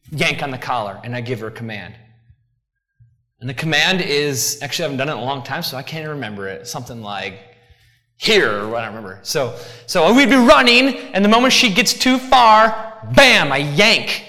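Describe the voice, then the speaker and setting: Animated bright-voiced male preacher. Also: fairly high pitch, a little fast, in a large hall. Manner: animated and conversational, with asides and acted-out voices. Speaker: pastor. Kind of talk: sermon.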